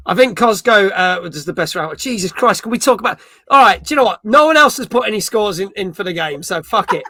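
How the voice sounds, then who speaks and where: A man's voice: sits high, lively intonation, fairly quick, sharp tone, no echo. A middle-aged man from Birmingham with a Birmingham accent, hosting a casual gaming chat show. He chats loosely, swears freely and jokes about himself. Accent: Birmingham English. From England. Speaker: podcast host.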